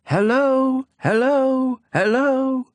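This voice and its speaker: Storybook mountain echo, high and faraway, as a man puts it on, slow repeats. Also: full character voice. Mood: hollow.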